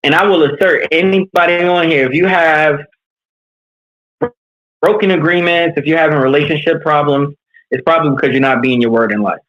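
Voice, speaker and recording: A man's voice: a little high, brisk, muffled recording, a little hiss or hum. A man from New York, a leadership coach, talking candidly and earnestly in an interview, telling personal stories with energy. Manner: earnest, animated storytelling.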